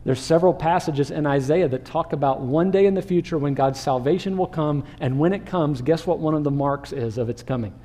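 A man delivers a sermon, lively and engaging, throwing questions at the listeners. His voice sits slightly high with a warm, mellow tone. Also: a little fast, hardly any pauses. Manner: animated, acts out crowd voices and rhetorical questions. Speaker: pastor.

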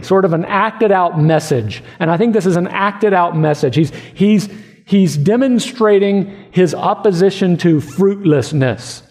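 A man's voice: on the high side, warm tone, in a large hall. A man preaching a sermon, earnest and emphatic as he explains scripture and reads it aloud. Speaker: pastor.

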